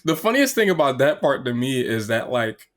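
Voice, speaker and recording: A man's voice: medium pitch, very animated, moderate pace. Laid-back, slangy man podcaster. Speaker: podcast co-host. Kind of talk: casual chat.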